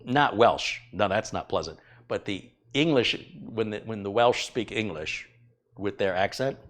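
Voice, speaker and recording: A man's voice: fairly low pitch, a little slow, a bit bright. A middle-aged man hosting a live stream from his kitchen, chatting casually, teasing and rambling with fillers as he thanks viewers. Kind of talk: casual live-stream chat reading donations. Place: home kitchen.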